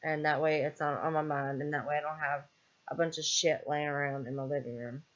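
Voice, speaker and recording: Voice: medium pitch, fairly even intonation, brisk, fairly bright tone. A vlogger venting in an angry, exasperated rant with a lot of swearing, sounding weary and fed up. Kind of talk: casual venting monologue. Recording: dull lo-fi recording.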